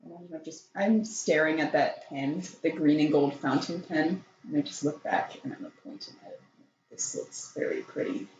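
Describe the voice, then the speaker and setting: A woman playing in a casual tabletop game, chatty and excitable as she asks about magic items. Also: sits low, normal speed, echoey room, dull audio. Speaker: player.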